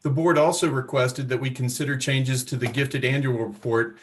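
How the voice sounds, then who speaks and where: A man's voice: medium pitch, fairly even intonation, moderate pace. A man from the department staff presenting regulation changes formally, with occasional fillers. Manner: reads prepared remarks with fillers.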